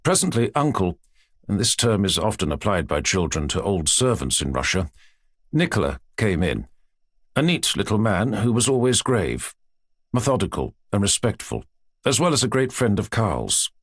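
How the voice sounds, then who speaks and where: A man reading an audiobook in a measured, expressive narrating style. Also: fairly low pitch, slightly rough, no room sound, clean studio sound. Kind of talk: scripted narration.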